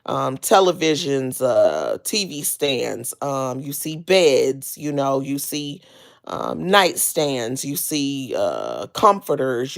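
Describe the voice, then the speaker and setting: A woman hosting a casual gossip livestream from home, lying down, chatty and full of drawn-out ums. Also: very deep voice, sing-song, creaky. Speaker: livestream host.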